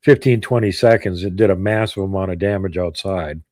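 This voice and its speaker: A man chatting casually as a co-host, calm and with dry humor. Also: low voice, a little fast, no echo. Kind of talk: casual chat.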